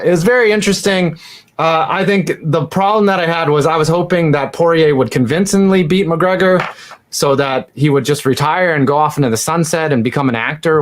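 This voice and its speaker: A man hosting a casual sports chat, telling stories in a rambling, animated way. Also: a little high. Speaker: host.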